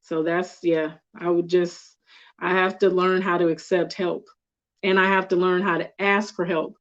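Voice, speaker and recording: A woman's voice: lowish voice, level tone, normal speed. Woman, candid casual chat, laughs easily, video call, muffled sound. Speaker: guest.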